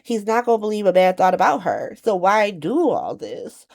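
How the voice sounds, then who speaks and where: A woman casually recapping a soap opera episode, animated and profane, acting out the characters' lines as she goes. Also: medium pitch, normal speed, vocal fry.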